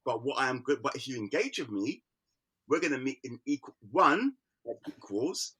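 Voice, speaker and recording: Man, artist guest, emphatic, repeats words, restarts sentences, bright forceful voice. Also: mid-range voice, expressive, normal speed, breathy edge. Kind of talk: candid conversational interview.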